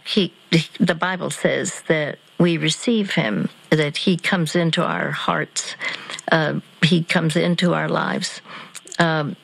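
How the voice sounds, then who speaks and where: A woman speaking on a Christian radio show, gently coaching a listener through slow breathing with a calm, measured manner. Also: lowish voice, gravelly, low-quality recording. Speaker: Christian radio guest counselor.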